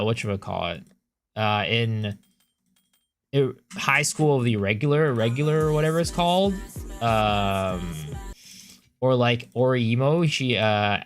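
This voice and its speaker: A man's voice: medium pitch, fairly bright tone. A man streaming a game, chatting casually with his viewers and giving loose, blunt opinions, with some swearing. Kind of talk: casual livestream chat while gaming.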